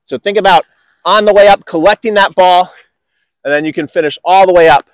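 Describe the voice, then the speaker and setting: Fired-up tennis coach guy on court, higher voice, dry close sound, lots of praise. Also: brisk, clear, resonant tone, no room sound. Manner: upbeat, encouraging, enthusiastic praise.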